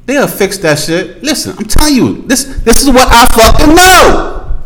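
A man's voice: very high voice, big pitch swings, a little slow, a bit bright, slight background noise, poor audio. A man hosting a podcast, ranting in a casual, profane monologue and repeating his points for emphasis while talking straight to his listeners. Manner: addresses listeners directly with slang. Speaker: podcast host.

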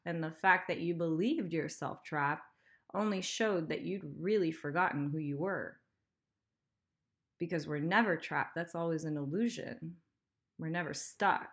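A woman hosting a podcast, giving a candid motivational monologue, emphatic, swearing freely and laughing often. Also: lowish voice. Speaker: podcast host.

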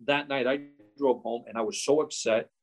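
A man in his sixties, a real estate investor being interviewed, telling quick, animated anecdotes with frequent restarts. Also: mid-range voice. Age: 60s. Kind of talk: storytelling in a podcast interview.

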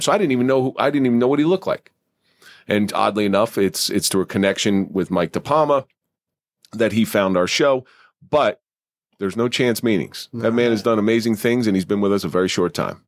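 A man's voice: medium pitch, dry recording, clean studio sound. A man hosting a podcast, speaking in an emphatic, conversational way. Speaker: podcast host. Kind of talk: casual chat.

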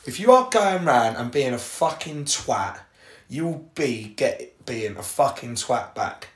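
A young English man hosts a podcast, telling personal stories in a casual, rambling way and swearing freely as he talks straight to his listeners. His medium-pitched voice is expressive and unhurried.

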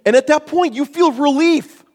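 Male pastor, very high voice, emphatic sermon delivery, long church hall reverb. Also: normal speed. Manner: emphatic, rhetorical questions, shifts between loud and hushed. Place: church sanctuary.

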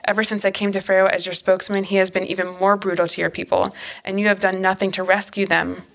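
A woman's voice: medium pitch, level tone, fast talker, vocal fry, close to an everyday voice. A woman voicing a troubled male leader in a scripture reading, pleading and questioning.

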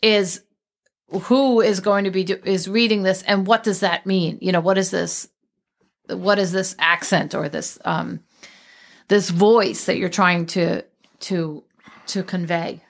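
A woman's voice: on the low side, steady tone, measured pace, gravelly. A woman speaking as a guest in a casual conversation about a poet, chatty and digressive, often restarting her sentences.

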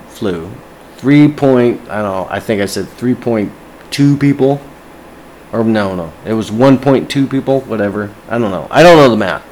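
A man's voice: medium pitch, rough recording. Profane, agitated man ranting to camera. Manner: profane, agitated, swears constantly. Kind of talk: casual rant to camera.

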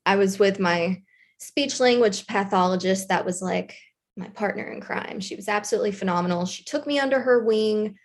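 A woman with a Southern US accent telling a school story in a casual chat, animated and chatty with plenty of fillers. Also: medium pitch, moderate pace. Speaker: guest storyteller, former intervention specialist.

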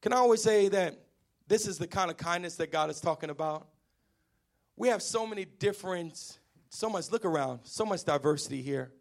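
A man preaching a sermon, animated and emphatic, calling on the congregation to answer back and sometimes half-singing his lines. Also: sits high, moderate pace, vocal fry. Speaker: pastor.

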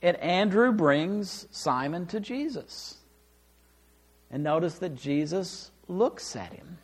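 A man preaching a sermon, reading scripture aloud and explaining it with emphatic, animated delivery. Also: high-pitched, slow pace, husky. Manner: animated, rising and falling for emphasis, acts out quoted lines.

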